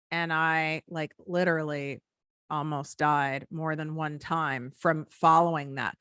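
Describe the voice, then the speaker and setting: Bright, forceful woman guest. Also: deep voice, smooth, dry recording, clean studio sound. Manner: earnest, animated, acts out inner voices. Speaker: podcast guest, business coach. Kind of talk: conversational interview.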